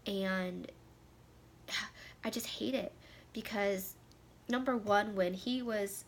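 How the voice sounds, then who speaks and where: Taking it slowly, a woman in her thirties with a creaky, medium-pitched voice has a candid personal talk with her camera as a vlogger. She is tearful and heartfelt, at times dropping almost to a whisper, and a slight hiss or hum is audible.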